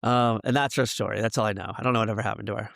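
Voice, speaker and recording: A man's voice: on the low side, fairly even intonation, racing, gravelly, a bit bright, no echo, studio quality. A man co-hosting a podcast, telling rambling school stories in casual chat with lots of fillers. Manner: rambling, many fillers and laughs. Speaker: podcast co-host.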